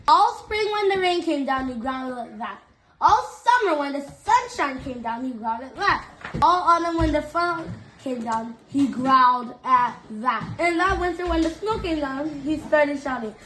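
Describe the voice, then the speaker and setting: A woman's voice: high-pitched, expressive, moderate pace, fairly bright tone, slight background noise, rough recording. A woman casually reading a children's picture book aloud, stumbling over words now and then. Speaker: reader.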